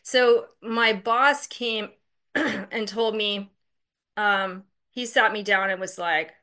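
A woman's voice: mid-range voice, slow, sharp tone. A woman casually telling a personal story, candid, profane and self-mocking, chatty with lots of fillers.

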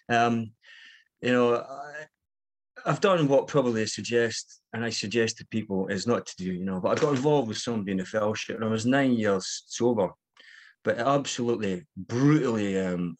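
Middle-aged man, husky voice, candid rambling recovery share, lots of ums and restarts. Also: on the low side, normal speed. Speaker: recovery meeting speaker.

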